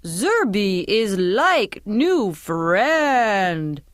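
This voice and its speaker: A woman voicing a small slimy purple alien who speaks in broken grammar and yells the last words. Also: medium pitch, very animated, drawn-out words, clean tone, no echo, clean studio sound. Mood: eager. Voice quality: wet, drooling.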